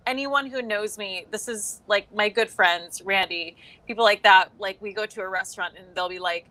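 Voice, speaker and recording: A young woman guest in a casual chat, talking in an animated, self-deprecating way. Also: medium pitch, moderate pace.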